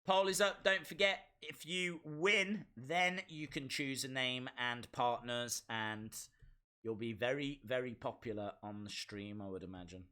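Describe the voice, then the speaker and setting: Unhurried and smooth, with a medium-pitched voice, a male streamer reacts to a wrestling show. His running commentary is chatty, excitable and pokes fun at himself.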